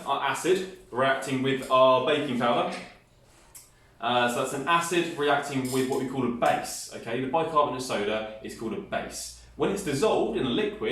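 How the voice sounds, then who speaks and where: A man's voice: medium pitch, fairly bright tone. Enthusiastic man demonstrating a science experiment. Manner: enthusiastic, explains step by step to kids. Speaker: science presenter. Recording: echoey room, mic at a distance.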